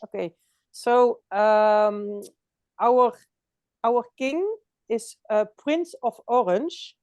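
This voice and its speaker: A woman explains things to an interviewer at an unhurried, deliberate pace. Her voice sits slightly high, and the recording is dry with no room sound. She pauses often, as if choosing her words. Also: a little mellow, no echo, highs cut off. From Netherlands. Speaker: guest. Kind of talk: conversational interview.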